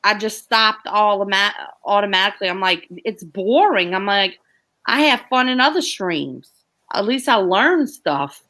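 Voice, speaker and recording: A woman's voice: mid-range voice, animated, a little slow, sharp tone. A woman chatting casually on a livestream, laughing often and acting out what she said. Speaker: livestream guest. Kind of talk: casual chat.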